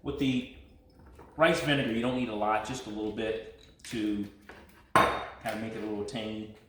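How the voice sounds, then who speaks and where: A man's voice: on the low side, flat delivery, moderate pace. A man casually walking through a recipe step by step as co-host of a home cooking vlog. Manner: easygoing, talks through each step. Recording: echoey room with faint noise.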